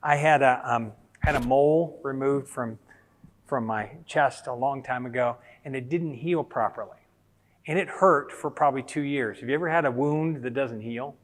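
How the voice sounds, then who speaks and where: A man's voice: mid-range voice, normal speed. Man teaching in a reverberant hall. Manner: personal stories, animated quoted voices. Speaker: speaker. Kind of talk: sermon-style teaching talk.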